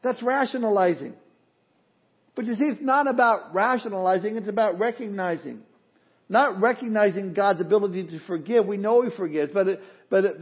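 Male pastor, conversational sermon, high-pitched, breathy, muffled lo-fi sound. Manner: conversational preaching, acts out imagined excuses.

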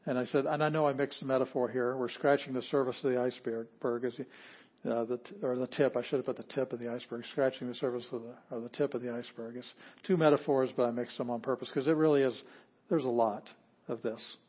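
Man teaching a slow, repetitive lecture. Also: mid-range voice, fairly even intonation, muffled recording. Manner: explains slowly, repeats phrases for emphasis, self-corrects. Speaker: Bible Greek teacher. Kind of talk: lecture on Greek grammar.

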